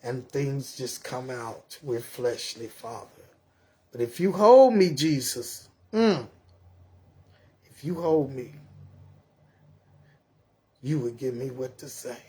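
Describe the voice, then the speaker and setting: A man's voice: mid-range voice, expressive, takes it slowly, long pauses, darkish tone, slightly rough, heavily acted. A man voicing an older grandmother who prays and preaches her mind, scolding and ranting in a sermon-like way. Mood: prayerful. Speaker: storyteller.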